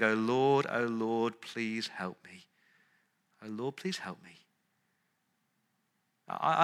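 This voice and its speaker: A male pastor preaching an earnest sermon, dropping into soft, pleading tones when he voices prayers. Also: mid-range voice, clear, resonant tone.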